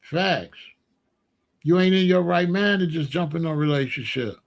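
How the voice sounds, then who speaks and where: A man's voice: on the high side, moderate pace, vocal fry. A man talking casually and playfully in slang, giving loose, joking relationship advice straight to his listeners. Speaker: online talk host giving relationship advice.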